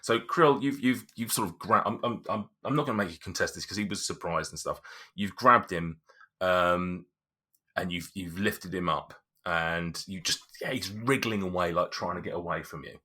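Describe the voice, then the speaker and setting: A man's voice: low voice, moderate pace, pushed and bright, breathy edge. A man narrating a tabletop game as game master, rambling with many restarts.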